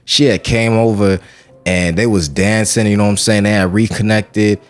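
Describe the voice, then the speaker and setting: Man, low voice, slangy, animated, laid-back podcast guest. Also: moderate pace. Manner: slangy, animated, frequent "you know what I'm saying". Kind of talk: casual interview chat.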